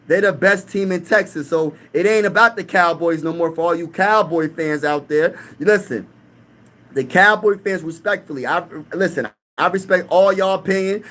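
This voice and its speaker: Young dude on a sports livestream, fired up, trash talking, kinda high voice. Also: male voice, fairly bright tone. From Pennsylvania. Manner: hyped, trash-talking, reads chat aloud. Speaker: sports channel host. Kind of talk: casual live-stream sports talk.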